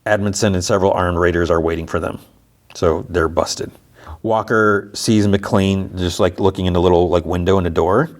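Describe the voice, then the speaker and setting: Low-voiced guy hosting a podcast, recapping an episode, keeps going "he's like". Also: steady tone, normal speed. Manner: retells scenes with constant "he's like" quoting. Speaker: podcast host.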